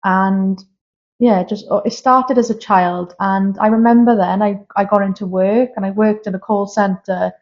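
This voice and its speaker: A woman in her thirties, appearing as a guest medium, shares candid, emotional personal stories in a casual interview filmed live in a castle room. Her voice is mid-range and fairly even, at a measured pace, and the recording sounds slightly dull and lo-fi.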